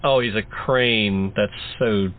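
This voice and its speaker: A man's voice: on the low side, slow. A man co-hosting a casual horror book club podcast, cracking teasing, sarcastic quips. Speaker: podcast co-host. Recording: tinny phone-like sound, faint noise.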